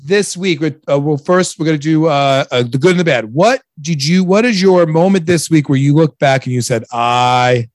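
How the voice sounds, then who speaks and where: A man's voice: a little high, normal speed, few pauses, no room sound, clean studio sound. A man in his thirties hosting a casual chat, joking and rambling, often stumbling over his words. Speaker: podcast host.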